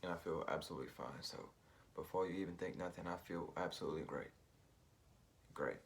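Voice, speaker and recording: A man's voice: deep voice, a little fast, a little hiss or hum. A man telling a personal story in a rambling, slangy way, full of fillers and asides. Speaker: vlogger.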